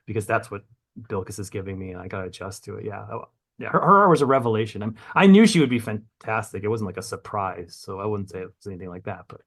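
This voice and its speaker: A man's voice: lowish voice, quick pace, fairly bright tone. A man being interviewed on a podcast, rambling and self-mocking, swearing casually and restarting his sentences often. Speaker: comic book writer guest.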